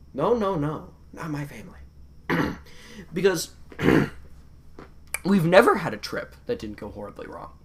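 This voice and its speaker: Profane, animated young man telling stories. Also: fairly high pitch. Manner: profane, animated, swings from mumbling to yelling. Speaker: podcast host. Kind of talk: casual podcast storytelling.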